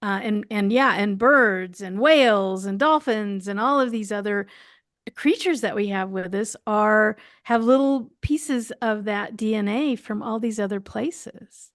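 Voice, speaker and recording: A woman with a mid-range voice, speaking a little slowly, hosts the show and practices hypnotherapy. She chats loosely in a casual group conversation, using fillers.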